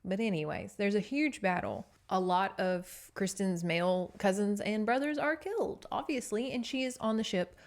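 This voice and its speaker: A woman's voice: mid-range voice, moderate pace, few pauses. Woman podcast host rambling through a book recap, casual and chatty, laughs a lot. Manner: chatty, digressive, laughs often.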